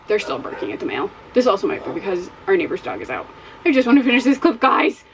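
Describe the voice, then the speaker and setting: Woman vlogger, chatty and rambling, lively high-ish voice, home recording with faint noise. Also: fast, creaky, rough recording. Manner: chatty, rambling, exclaims and repeats herself. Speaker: book vlogger. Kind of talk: casual reading vlog chat. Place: home with dogs.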